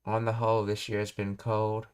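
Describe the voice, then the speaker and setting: Guy teaching a language live, lowish voice, pretty monotone, clean and clear, stops to think out loud a lot. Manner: thinks aloud, pauses to work out meanings.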